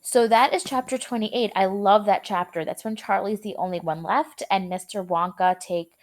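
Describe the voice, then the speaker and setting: A woman's voice: mid-range voice, normal speed. A young woman teacher reading a chapter aloud to her students and explaining words in a casual, chatty way.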